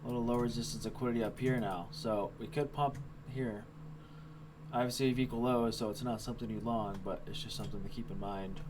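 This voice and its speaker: A man's voice: medium pitch, fairly even intonation, a little fast, background noise. A young man streaming live as he trades, talking casually, thinking aloud and swearing now and then. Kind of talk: live stream trading commentary.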